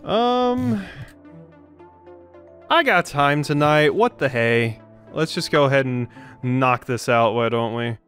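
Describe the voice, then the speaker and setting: A man's voice: medium pitch, expressive, unhurried, fairly bright tone, soft background music. Man thinking aloud while gaming. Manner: self-deprecating, thinks aloud. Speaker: let's play host. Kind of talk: gaming commentary.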